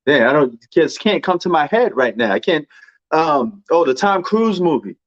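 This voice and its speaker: A man's voice: a little high, very animated, moderate pace, no room sound, lo-fi sound. A man with a New York accent chatting casually and rambling about movies, full of slang and fillers. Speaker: movie commentator. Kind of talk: casual chat.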